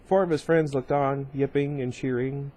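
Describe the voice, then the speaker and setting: A man's voice: mid-range voice, steady tone, normal speed, darkish tone. A man casually reading a novel aloud at home, breaking off often for rambling side comments full of fillers. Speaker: reader of a book series.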